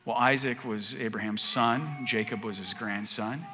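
A man delivers a sermon in an earnest, conversational manner, restarting phrases as he works through his point. His voice is bright and forward. A long reverb from the large room trails each line. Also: medium pitch, fairly even intonation, a little slow, soft background music. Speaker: pastor.

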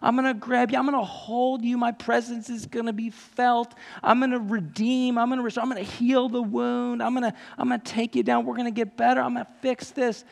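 A man voicing God the Father as an eager male figure, rushing to promise rescue in urgent, rapid lines. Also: extremely high pitch, flat delivery, gravelly, big-room sound, voice pushed up.

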